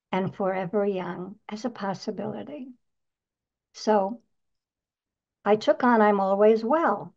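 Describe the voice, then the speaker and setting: A woman's voice: mid-range voice, dark tone, dull audio. A woman in her nineties giving an earnest, upbeat motivational talk on her podcast, asking the listener rhetorical questions. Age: 90s. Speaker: podcast host.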